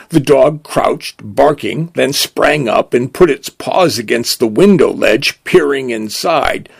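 A man reads a story aloud at an unhurried pace, his voice gravelly and husky. His pitch rises and falls with lively expression. The sound is close and dry, with no room around it. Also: dry recording. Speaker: narrator. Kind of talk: storybook narration.

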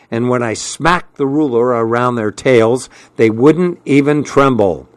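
Male host, reads a novel aloud at an easy, slow pace, dry sound. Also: mid-range voice, no echo.

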